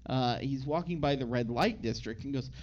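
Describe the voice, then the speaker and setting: A man's voice: medium pitch, moderate pace, darkish tone, dull audio. A man co-hosting a podcast, recapping a movie in a rambling, casual way and acting out the characters' lines. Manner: rambling, acts out quotes in put-on voices. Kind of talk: casual chat.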